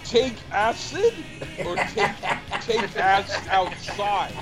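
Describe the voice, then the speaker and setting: A man co-hosting a casual chat, rambling and halting, repeating words as he searches for what to say. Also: sits high, loud music behind the voice. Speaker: podcast co-host.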